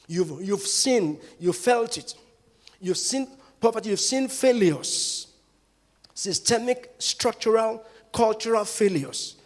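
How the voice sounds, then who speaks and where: A Nigerian man preaches to his congregation, his voice high and full of leaps. He jumps from near shouts to quiet murmurs. The sound carries a long reverb from a large church hall. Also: animated, slow pace. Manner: preaching with sudden loud rises and hushed drops. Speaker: pastor. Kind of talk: sermon.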